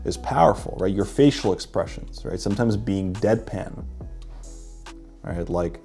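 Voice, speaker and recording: A man's voice: deep voice, normal speed, dark tone, faint music behind. A man teaching a workshop as a dating coach, explaining and demonstrating how to deliver lines.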